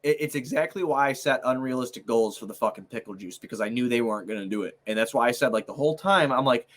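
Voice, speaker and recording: A man's voice: mid-range voice, fast, hardly any pauses, fairly bright tone. A young man co-hosting a sports podcast, ranting in a heated, profane, exasperated way. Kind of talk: heated casual chat.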